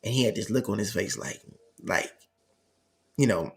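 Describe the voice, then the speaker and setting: A man's voice: lowish voice, animated, moderate pace, creaky. A middle-aged man hosting and telling a family story in a casual style, acting out the dialogue. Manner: conversational, frequent "you know what I'm saying" asides, acts out dialogue. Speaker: host.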